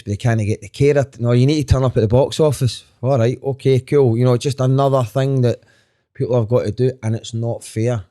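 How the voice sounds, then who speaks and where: A man's voice: mid-range voice, mellow. A Scottish comedian in his thirties, talking as a podcast guest in a frank, earnest way, telling stories and swearing casually. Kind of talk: candid conversational storytelling.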